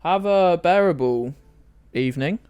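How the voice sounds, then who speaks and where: Male game streamer, animated, rambling, sweary, self-mocking. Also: a little high, unhurried, smooth, no room sound, highs cut off. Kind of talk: live-stream commentary.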